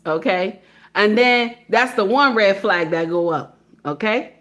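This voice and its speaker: A woman speaking in a casual monologue, blunt and animated, acting out phone calls and driving points home with repeated "okay?". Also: mid-range voice, a little slow. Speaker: social media commentator.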